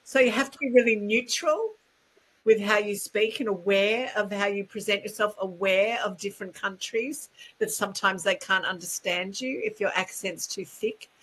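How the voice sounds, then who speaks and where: A woman with an Australian accent, a speaking coach talking quickly and chattily as a guest in an interview. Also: medium pitch, a bit bright, husky, low-quality recording. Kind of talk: casual interview chat.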